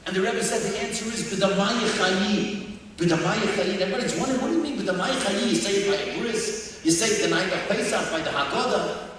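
A man's voice: high-pitched, a little fast. Man preaching in an echoey hall. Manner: animated, drops to near whisper at emotional points. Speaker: speaker at a religious talk. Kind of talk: storytelling sermon. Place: large hall with audience. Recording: echoey hall from far off, faint noise.

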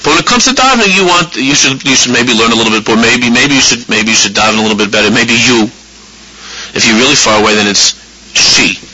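A man leads a religious lesson for a live audience in a husky voice with a very sharp, forceful edge. His delivery is animated: he repeats phrases as he builds a point and acts out inner voices along the way. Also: medium pitch, fairly quick, poor audio. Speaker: rabbi teaching a class.

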